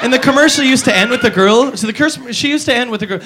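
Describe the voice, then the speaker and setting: A woman doing a stand-up comedy set, profane and animated, jumping into squeaky voices for the people in her jokes. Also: fast, noisy background.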